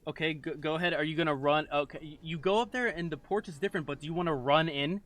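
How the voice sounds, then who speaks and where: A man narrating as game master, reading scene descriptions aloud with halting restarts. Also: fairly high pitch, a bit bright.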